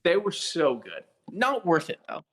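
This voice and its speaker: A man's voice: a little high, big pitch swings, measured pace, fairly bright tone. A young man co-hosting a podcast in casual chat, joking and teasing his friend. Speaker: podcast co-host.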